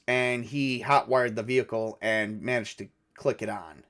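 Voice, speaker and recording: A man narrating a solo tabletop game, rolling dice and thinking aloud in a halting way with many fillers. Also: medium pitch. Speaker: game master.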